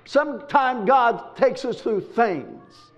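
A man preaching a sermon, emphatic and repetitive, with sudden shouts. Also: extremely high pitch, animated, slow pace. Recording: dull lo-fi recording.

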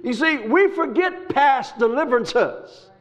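A man preaching a sermon, emphatic and repetitive, with sudden shouts. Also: very high-pitched, animated, measured pace. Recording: dull lo-fi recording.

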